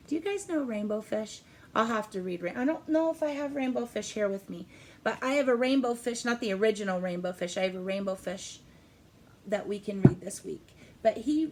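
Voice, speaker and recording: A middle-aged woman teacher speaking gently and encouragingly to young children in an online class, with a sing-song lilt. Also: mid-range voice.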